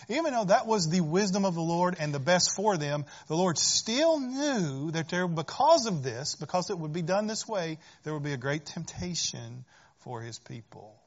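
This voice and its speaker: A man's voice: fairly high pitch, big pitch swings, normal speed. A man preaching a sermon in an earnest manner, often rising into fervent pleas and asking "right?". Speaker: pastor. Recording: dull lo-fi recording.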